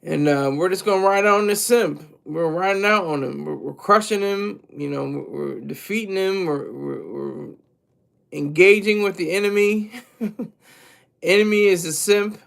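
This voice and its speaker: A man's voice: sits high, a little slow, vocal fry. A man streaming a crude, mocking, rambling commentary rant.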